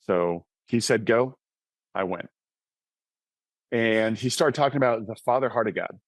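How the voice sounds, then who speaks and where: A man's voice: on the low side, unhurried, dry recording. A man in his thirties, a podcast guest, sharing a personal faith testimony in an earnest, conversational way and often checking in with "right?". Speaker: podcast guest, author and mentoring ministry founder.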